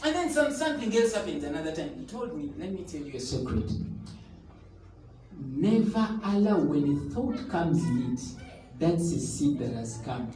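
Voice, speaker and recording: High-voiced man preaching, echoey. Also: big pitch swings, moderate pace, mellow, far from the mic. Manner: emphatic, repeats key phrases, bursts into tongues and sung lines. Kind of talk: sermon. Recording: echoey room, voice somewhat off the mic, faint noise.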